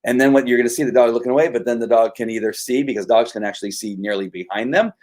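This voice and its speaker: A man's voice: mid-range voice, steady tone, rapid-fire, darkish tone. A middle-aged man, a dog trainer, explaining his training methods in casual conversation, telling stories with frequent restarts.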